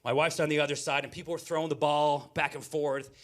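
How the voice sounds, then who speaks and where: A man in his forties doing stand-up storytelling on a live stage, animated and breaking into loud acted bits. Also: on the high side, fast talker. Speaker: stand-up comedian.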